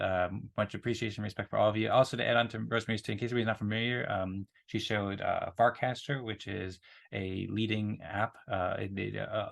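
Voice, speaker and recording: Casting note: quick-talking male host, low and gravelly, friendly and rambling, video call audio. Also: a bit bright. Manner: friendly, rambling with many fillers. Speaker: meeting host. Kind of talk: casual online meeting talk.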